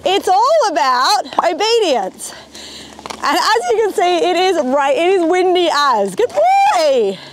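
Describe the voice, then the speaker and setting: High, lively woman trainer outdoors. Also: unhurried, a little hiss or hum. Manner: encouraging, chatty, coos praise to the horse. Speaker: horse trainer. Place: outdoors in windy, rainy weather.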